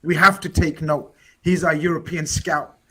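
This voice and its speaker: A man's voice: on the high side, flat delivery, moderate pace, pushed and bright, a little hiss or hum. A man hosting a football panel, steering the debate in a jokey manner. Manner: jokey, steering, talks over others. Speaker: host.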